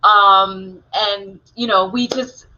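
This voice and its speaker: A woman co-hosts a live stream in a bright, clear voice, chatty and full of stories. She reads viewer comments out loud. The audio is a little dull and lo-fi. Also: mid-range voice, steady tone, slow pace. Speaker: co-host of a live online talk show. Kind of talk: casual live-stream chat.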